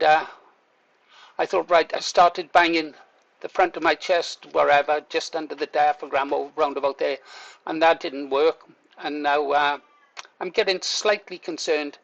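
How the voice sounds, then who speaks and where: An older man who vlogs tells a story to camera in a chatty way, laughing throughout and swearing now and then. His voice is a little high, gravelly, and a bit bright, on lo-fi audio.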